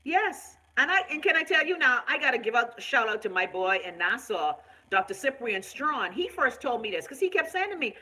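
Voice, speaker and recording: A woman's voice: on the high side, sing-song, fairly quick, few pauses, sharp tone, low-quality recording. A woman from the Bahamas with a Bahamian accent, hosting a live online talk show in an outspoken, profane, casual style while reacting to viewer comments. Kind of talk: casual live-stream rant.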